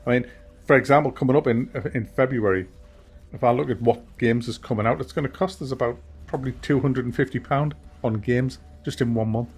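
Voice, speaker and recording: A man's voice: mid-range voice, fairly quick, husky. A man hosting a gaming channel, rambling through a casual update from his home office with mild swearing. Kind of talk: casual monthly update chat.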